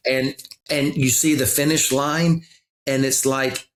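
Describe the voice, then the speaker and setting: A man's voice: mid-range voice, level tone, takes it slowly. Earnest middle-aged man telling a story. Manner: earnest storytelling with frequent restarts. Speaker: podcast guest, pastor. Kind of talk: reflective conversation.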